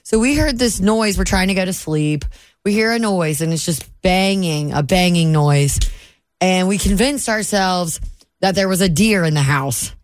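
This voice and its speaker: A woman's voice: fairly low pitch, normal speed, no echo. A woman co-hosting a morning radio show, telling a story chattily and building suspense in casual banter. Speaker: radio co-host. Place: radio studio. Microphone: studio microphone.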